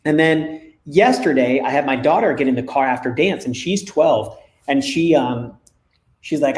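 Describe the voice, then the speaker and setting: A man co-hosting a talk, telling lively family anecdotes and acting out dialogue. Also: medium pitch, normal speed. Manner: animated anecdotes, acts out dialogue. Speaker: co-host. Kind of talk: casual storytelling. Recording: echoey room.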